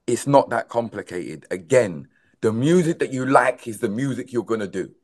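A man from South London with a London accent, a dancehall artist chatting emphatically in an interview and calling people bro and man. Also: mid-range voice. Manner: animated, repetitive, emphatic, says "bro" and "man" often. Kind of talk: casual interview chat.

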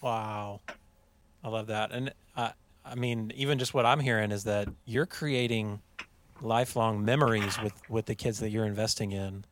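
A man hosting a conversation who reflects aloud on what his guest says, thinking through his words with halting restarts. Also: on the low side, fairly even intonation, a little hiss or hum. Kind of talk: casual interview chat.

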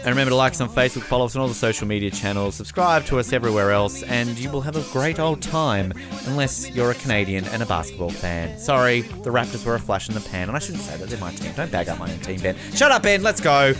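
A man hosting a casual sports podcast, with jokey, excitable live commentary. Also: medium pitch, fast, hardly any pauses, music in the background. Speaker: podcast host.

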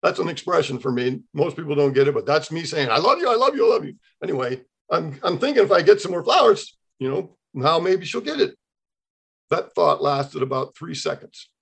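A man in his sixties, a podcast guest, telling a personal faith testimony in an animated way, acting out the dialogue he quotes. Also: a little high, moderate pace, gravelly, breathy edge.

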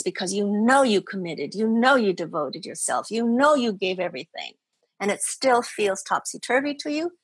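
A woman's voice: mid-range voice, a bit bright, breathy edge, dry recording. A woman spiritual teacher speaking as a podcast guest, earnest and emphatic, often repeating her phrases for stress. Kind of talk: podcast interview.

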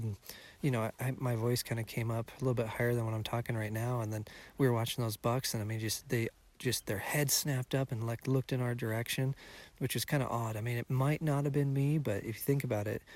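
A man's voice: medium pitch, a little mellow. A man talking casually outdoors as a hunting partner, easygoing and explanatory. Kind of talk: casual chat. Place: outdoors in the backcountry.

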